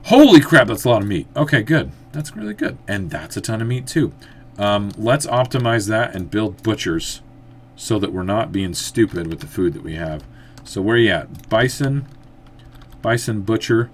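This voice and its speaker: A man giving casual let's-play commentary, thinking aloud as he plays and breaking into excited outbursts. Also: on the low side, normal speed, slight background noise. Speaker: gameplay commentator.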